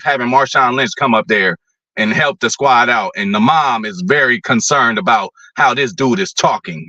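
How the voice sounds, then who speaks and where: Blunt, animated man ranting. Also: medium pitch, no echo. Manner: blunt, profane, animated, mocking voices. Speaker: podcast host. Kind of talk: casual opinion rant.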